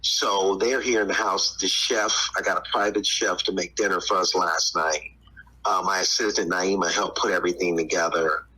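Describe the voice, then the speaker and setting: A man, a podcast guest, telling a lively story in casual chat and laughing often. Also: normal speed, slightly rough, poor audio. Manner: animated, laughs often, breaks into high squeals.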